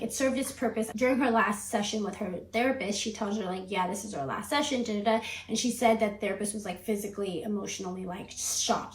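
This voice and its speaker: A woman's voice: mid-range voice, a little hiss or hum. Chatty woman recapping a story, echoey room. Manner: chatty, peppered with "like", acts out quotes. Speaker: commentary channel host. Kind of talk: casual storytime commentary.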